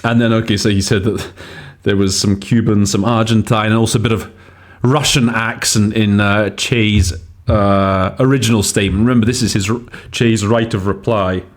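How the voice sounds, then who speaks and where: A man's voice: on the low side, steady tone, moderate pace. A man hosting a podcast on interpreting, explaining word choices casually and thinking aloud with frequent hesitations. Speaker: host and interpreting teacher. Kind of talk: casual teaching podcast commentary.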